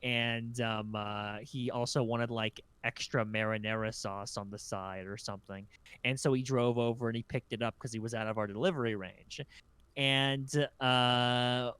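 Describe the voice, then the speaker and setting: Podcast guy rambling thru stories, lots of um and like, swears, smooth voice. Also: mid-range voice, steady tone, moderate pace, fairly bright tone, no room sound. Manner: rambling storyteller, lots of fillers, swearing, laughs. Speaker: podcast host. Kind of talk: casual chat.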